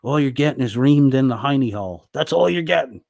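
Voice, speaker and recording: A man's voice: mid-range voice, lively intonation, brisk, vocal fry, a little mellow, no room sound, studio quality. A man ranting angrily at another streamer, swearing and berating. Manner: angry, profane, berating. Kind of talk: ranting monologue.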